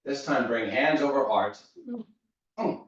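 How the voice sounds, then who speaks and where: Male fitness instructor, steady easygoing cues, mid pitch, distant dull room recording. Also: measured pace, heavy reverb. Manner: steady cueing, easygoing asides. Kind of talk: guided mobility class cueing. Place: large echoey fitness studio.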